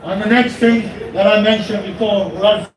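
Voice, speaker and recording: A man's voice: sits high, fairly even intonation, moderate pace. A man from the United Kingdom speaking at an outdoor street rally, rousing the crowd with an impassioned speech and leading chants through a handheld mic. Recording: echoey street, from a distance, loud crowd.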